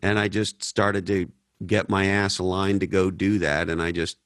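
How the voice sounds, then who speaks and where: A man's voice: deep voice, little pitch movement, moderate pace, a bit bright, dry recording, studio quality. A man from Canada hosting a podcast Q&A, blunt and profane, telling stories in a casual way. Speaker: podcast host. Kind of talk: casual Q&A talk.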